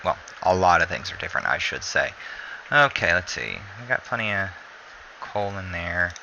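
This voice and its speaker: A man's voice: sits low, moderate pace, gravelly, highs cut off, slight background noise. A sleepy man giving casual gameplay commentary, rambling and correcting himself as he plays. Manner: rambling, self-correcting, relaxed. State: sleepy, yawning.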